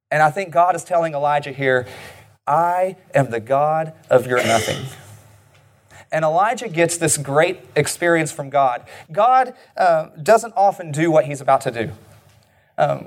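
Preaching earnestly, this man slows down on key lines and lets his voice drop low and soft.

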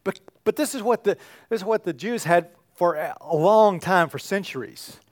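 Man, church class teacher, somewhat high voice, animated, loud emphatic bursts, halting restarts. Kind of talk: teaching on a psalm.

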